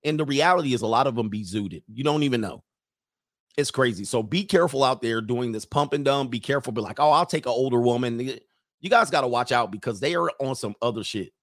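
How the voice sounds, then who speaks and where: A man's voice: mid-range voice, expressive, fast talker, no echo, clean studio sound. A man, a coach hosting a podcast livestream, talking in a blunt, crude and preachy way while he reads chat comments.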